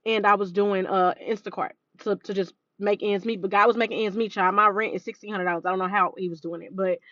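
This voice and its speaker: A woman's voice: mid-range voice, fairly even intonation, fast, fairly bright tone, dry recording, muffled recording. A woman in her early thirties gives an emotional personal testimony, close to tears, talking straight to her viewers. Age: 30s. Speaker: podcast host.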